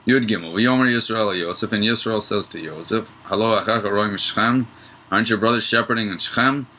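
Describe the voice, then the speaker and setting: A man teaches a Torah study lesson in a relaxed, digressive way. His voice sits slightly low but has a bright, forceful edge. A faint hiss of background noise runs under his talk. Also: fairly quick, low-quality recording. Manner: relaxed, digressive, tells a joke mid-lesson.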